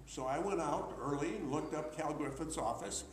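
A man's voice: fairly high pitch, normal speed, slight background noise. Older man spinning stories in a roomy hall. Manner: chatty, rambling storyteller with frequent restarts and uh's. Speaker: memorabilia collector giving a talk. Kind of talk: anecdotal storytelling talk to an audience.

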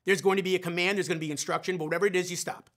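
A man hosting a sales training talk, animated and self-deprecating, acting out his own inner voice. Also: high voice, racing. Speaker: sales trainer and show host.

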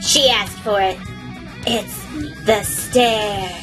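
A woman voicing a gleeful, brash villainous female pony in a toy skit, with a taunting, cackling, drawn-out delivery. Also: mid-range voice, steady tone, a bit bright, faint music behind, pitched below the performer's own voice. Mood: sulky.

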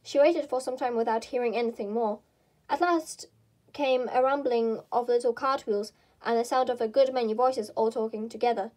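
A woman's voice: fairly high pitch, steady tone, moderate pace, a little mellow. Woman reading a storybook aloud. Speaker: storybook reader. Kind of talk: reading a children's classic aloud.

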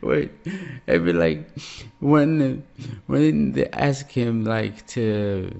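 A man talks in a slow, halting way, stumbling over his words and restarting often. His voice is heavily gravelly and husky. The recording is dull and lo-fi. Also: medium pitch, expressive, warm tone. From Algeria. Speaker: reaction video host. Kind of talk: casual reaction vlog.

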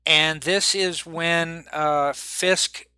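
A man running a tabletop game as game master, relaxed and rambling, laughing often. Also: a little high, extremely slow, smooth, no echo.

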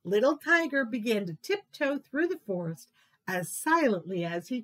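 A woman who works as a children's librarian, reading picture books aloud for children in a slow, expressive storytelling style. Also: a little high.

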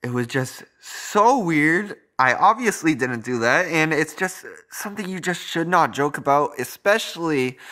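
A man's voice: mid-range voice, pushed and bright. A young man telling a personal story in casual, rambling narration with many filler words.

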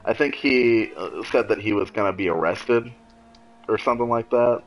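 A man's voice: on the low side, normal speed, rough recording. A man co-hosting a casual podcast chat, telling stories with lots of laughter and swearing. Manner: animated storyteller, laughs a lot, swears. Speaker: podcast co-host.

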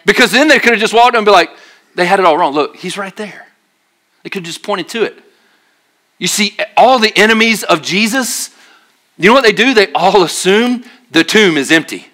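Guy preaching at church, bright voice pitched a bit high, jokey then quiet and earnest. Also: fairly quick. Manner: animated, jokey storytelling with acted-out voices; drops to a quiet, earnest tone for serious points. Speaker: pastor. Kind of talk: sermon.

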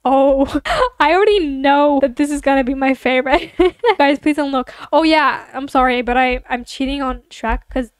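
A young woman with a high-pitched voice chats through a building game with her viewers. She is giggly and excitable, often gushing over the builds. Her voice sounds close and dry. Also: moderate pace, no echo. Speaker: gaming YouTuber. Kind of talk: casual game commentary.

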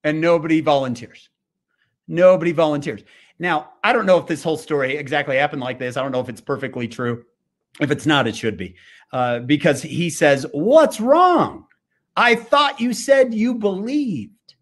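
A man's voice: fairly high pitch, fairly quick. A man giving a devotional fireside talk, telling a story with animation and frequent fillers and restarts. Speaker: speaker.

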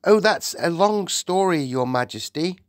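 Small earnest girl, high and lively, read by a man. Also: unhurried, no room sound, clean studio sound. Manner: stammering at first, then calm and eager. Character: little girl, polite and earnest.

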